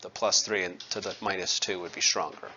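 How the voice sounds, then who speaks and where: A man's voice: low voice, fairly even intonation, brisk, sharp tone, muffled recording. A man teaching a chemistry class in a conversational lecture, asking his students questions and making wry asides.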